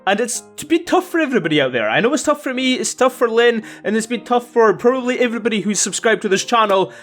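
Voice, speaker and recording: High-pitched guy chatting on his vlog, laughs and swears a bit, quiet music underneath. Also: lively intonation, fast talker. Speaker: YouTube host. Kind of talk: casual reaction vlog chat.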